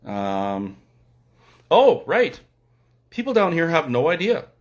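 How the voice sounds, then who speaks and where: A man's voice: on the high side, huge pitch swings, slow, highs cut off. A man from Alberta with a Canadian accent, hosting a casual livestream from a hotel room and speaking in an opinionated, sarcastic, emphatic way. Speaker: livestream host.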